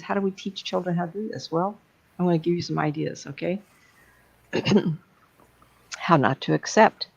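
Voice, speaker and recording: Her pitch fairly low and creaky, a psychic medium gives an audience a blunt, plain-spoken talk. The recording sounds dull and lo-fi.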